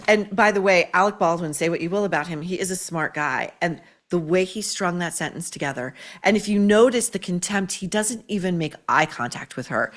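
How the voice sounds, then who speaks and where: Blunt, sarcastic woman podcast host. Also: medium pitch. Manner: blunt, profane, sarcastic, with frequent "like" and "okay?". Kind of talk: opinionated pop-culture commentary.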